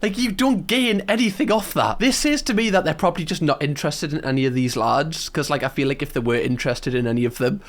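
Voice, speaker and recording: Young male reactor, casual and sarcastic, a bit higher than usual. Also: fast, few pauses. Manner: chatty, sarcastic, lots of "like". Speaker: YouTube reactor.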